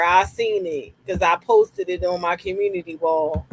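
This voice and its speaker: A woman's voice: on the low side, moderate pace, breathy edge, rough recording. A woman hosting a live stream, talking casually and animatedly, repeating herself and laughing often.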